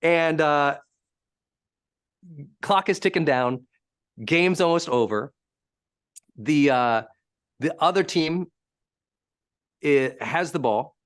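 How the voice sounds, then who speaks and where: Animated man coaching with lively pitch. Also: slow pace, pauses often. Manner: animated, emphatic storytelling. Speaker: high-performance coach. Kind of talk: live teaching talk.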